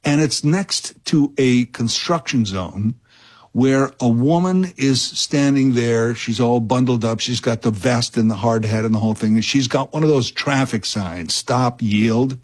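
A man's voice: medium pitch, measured pace, husky. A middle-aged man, filling in as a radio talk host and telling a rambling, chatty story full of fillers and restarts. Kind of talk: casual radio talk and anecdote.

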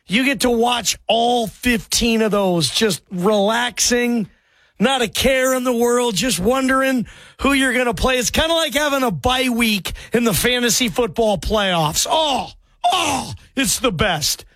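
A very high-pitched man hosts a sports talk radio show into a studio mic. His delivery is energetic, chummy and loose with slang. The sound is close and dry, with no room around it. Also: no room sound. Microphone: studio microphone.

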